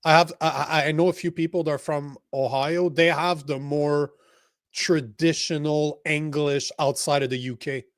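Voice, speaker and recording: A man's voice: a little high, fairly even intonation, normal speed, no room sound, clean studio sound. Profane, blunt French-speaking man. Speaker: podcast co-host. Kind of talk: casual political chat.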